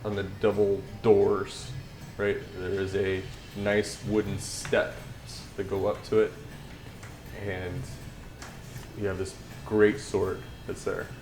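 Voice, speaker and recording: Low-voiced man running a tabletop game. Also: flat delivery, takes it slowly, music in the background. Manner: loose, rambling narration with fillers. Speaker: game master. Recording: echoey room with clear background noise.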